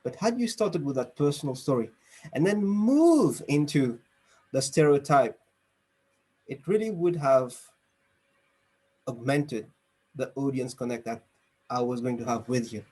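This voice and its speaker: A man at home on a video call gives a club speech evaluation in an even, mid-pitched voice. He is structured and encouraging, and he leans on pauses for emphasis. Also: husky. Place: home room, speaking over a video call.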